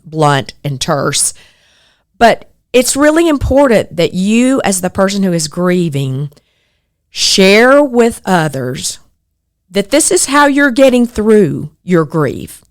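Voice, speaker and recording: A middle-aged woman hosts a podcast, talking in an earnest, reflective way. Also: fairly low pitch. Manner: earnest, reflective, animated when quoting others. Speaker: podcast host. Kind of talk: personal podcast monologue.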